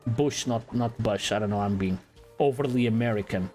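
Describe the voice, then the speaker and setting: A man giving casual let's-play commentary in a relaxed, playful way, swearing now and then. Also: fairly low pitch, a little fast, faint music behind. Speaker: gaming channel host.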